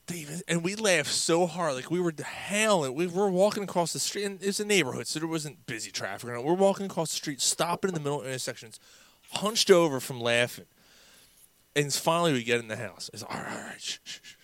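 A man's voice: on the high side, animated, a little fast, fairly bright tone, no echo. A man telling funny bar stories in casual chat, laughing often and mimicking his friends.

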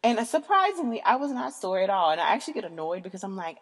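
In a casual podcast episode, a woman talks frankly and rambles, full of fillers and profanity. Her mid-range voice is very animated and slightly rough, racing along with few pauses, and there's long hall reverb on the recording.

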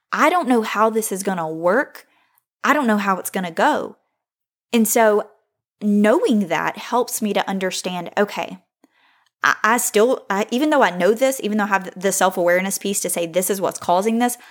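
A woman in her thirties hosting a faith podcast, speaking in an earnest, confessional way, close to tears, repeating phrases for emphasis. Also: mid-range voice. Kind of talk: heartfelt devotional monologue.

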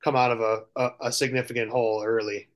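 A man's voice: medium pitch, little pitch movement, quick pace. A man co-hosting a casual sports podcast, talking hesitantly with dry humor. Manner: hesitant, lots of fillers and restarts, dry humor. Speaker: podcast co-host.

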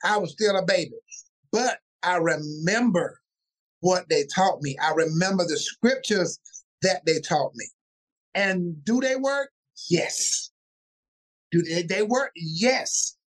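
A male pastor with a notably high voice, talking in a relaxed interview. He tells his stories with animated energy, slipping into the voices of the people he quotes. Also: slow pace. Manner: animated, acts out family voices mid-story. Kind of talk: casual interview storytelling.

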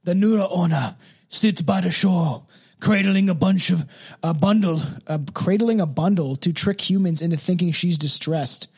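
This co-host's high-pitched voice is darkish and slightly rough, moving at an ordinary speed. He reads folklore aloud in a laid-back way on a casual chat show, cursing freely and laughing plenty.

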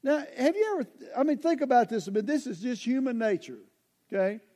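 A man with a strikingly high voice preaches a sermon. He talks conversationally but with emphasis, speaking straight to his listeners and pulling them into his points. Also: lively intonation, fairly quick, warm tone.

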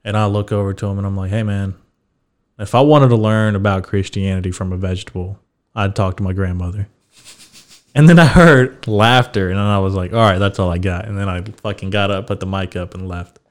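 A young man with a fairly low voice tells a story on a podcast. His delivery is loose and unhurried, with plenty of swearing and laughter running through it. He comes across as a casual, chatty host. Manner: laid-back, swears freely, laughs through his stories.

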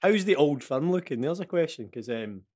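Scottish man, casual sports watch-along chat, lively and sweary, slightly high pitch. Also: normal speed. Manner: animated, laughs often, swears. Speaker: podcast co-host.

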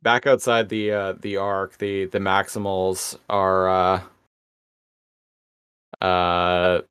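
A man co-hosting a podcast, recapping a cartoon episode in casual chat with halting, repeated words. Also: low-pitched, little pitch movement, a bit bright, clear, resonant tone, dry recording, clean studio sound. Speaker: podcast co-host.

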